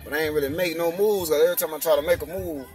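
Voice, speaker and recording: A man's voice: a little high, fairly even intonation, rapid-fire, darkish tone, recorded from a distance, soft background music. A young man casually telling the story of his faith testimony, using lots of slang and saying "you know what I'm saying" again and again.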